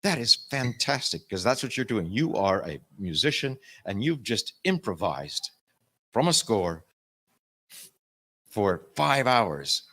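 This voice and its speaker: A man with a lowish voice talks on a convention panel about narrating audiobooks. He speaks in an animated way, often breaking off and restarting his sentences. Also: slow pace. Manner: animated, uses music metaphors, self-interrupting. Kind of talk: panel talk.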